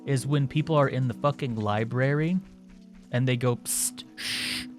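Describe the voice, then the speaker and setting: A man's voice: mid-range voice, normal speed, darkish tone, faint music behind. A man doing casual live-stream commentary while playing, rambling and joking with his viewers and swearing now and then. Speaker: game streamer.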